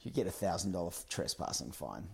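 A man's voice: low-pitched, big pitch swings, fairly quick, gravelly, darkish tone. A man, a guest in casual chat, talking in a laid-back, rambling way.

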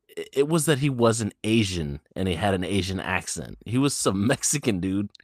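A man co-hosting a podcast, telling profane stories in casual chat, baffled and animated. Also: lowish voice, no echo, studio quality. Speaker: podcast co-host.

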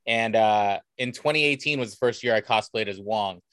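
A man's voice: fairly low pitch, moderate pace, fairly bright tone, clear, resonant tone, no room sound. A man from the United States, a cosplayer guest, chatting casually and telling anecdotes with enthusiasm. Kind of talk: casual conversational storytelling.

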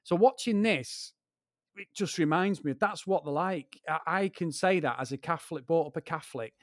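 Manc guy rambling on, swearing a lot, slightly higher voice, dry close sound. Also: moderate pace, dry recording. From Greater Manchester, England. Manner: rambling storyteller, swears freely, keeps addressing his co-host. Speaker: podcast co-host. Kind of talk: casual chat.

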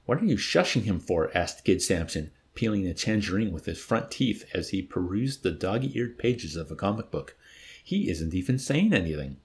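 A man's voice: low-pitched, expressive, moderate pace. A man reading a novel aloud and acting out its dialogue, then chatting about the chapter. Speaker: book club reader.

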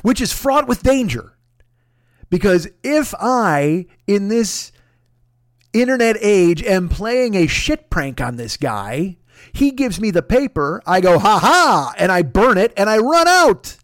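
A podcast host, a man, telling a comic personal story in a profane, animated way, dropping to a hush for re-enactments and rising in exasperation. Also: high-pitched, unhurried, dry recording, studio quality. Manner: profane, animated, swings between hushed re-enactment and loud exasperation.

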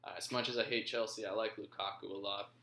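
Man, casual football recap host, rambling, frequent ums, low voice, roomy echo. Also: steady tone, quick pace, gravelly, bright, forceful tone, slight background noise. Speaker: podcast host.

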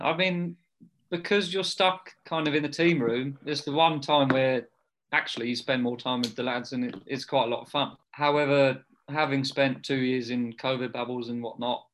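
A man's voice: medium pitch, fairly even intonation, moderate pace, fairly bright tone, a little hiss or hum. A young man, chatting as a podcast guest and telling loose stories full of "kind of" and "like". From England. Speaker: guest cricketer. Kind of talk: casual podcast chat.

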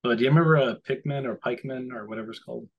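Husky-voiced dad rambling on a podcast. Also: male voice, medium pitch, racing, highs cut off. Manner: rambling, animated when quoting others. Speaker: podcast co-host. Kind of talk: casual chat.

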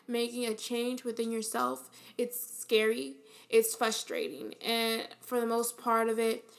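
Woman podcast host, kinda high voice, earnest encouraging pep talk, lots of "you know". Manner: earnest, encouraging, repeats key phrases with fillers. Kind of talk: motivational monologue.

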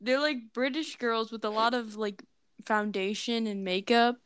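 A woman's voice: fairly high pitch, fairly even intonation, a little slow, clear, resonant tone, no echo. A woman from the United States co-hosting a casual chat, giggly and teasing. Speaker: co-host.

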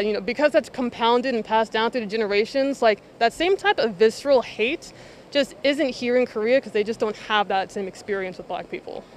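A man's voice: very high voice, fairly quick, a little hiss or hum. A man giving a frank, reflective opinion as an interviewee. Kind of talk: candid opinion.

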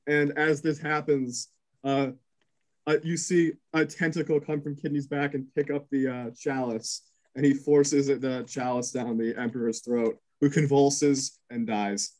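A man's voice: mid-range voice, flat delivery, darkish tone, rough recording. A man narrating chaos as game master of a tabletop game, cursing and filling gaps with ums. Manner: rapid, crude narration full of fillers.

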